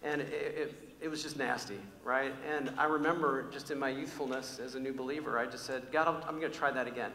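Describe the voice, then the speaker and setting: A man preaching a sermon, telling personal stories in an animated, conversational way with frequent restarts. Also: medium pitch, fairly quick, few pauses, slight background noise. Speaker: pastor. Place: large church hall. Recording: echoey church hall with long reverb.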